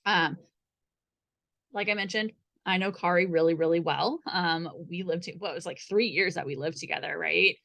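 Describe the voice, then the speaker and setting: A woman's voice: lowish voice, moderate pace, gravelly, a bit bright. A young woman, a therapist, teaching a group in a casual, chatty way, often checking in with "right?". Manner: chatty, many fillers and "right?" tags.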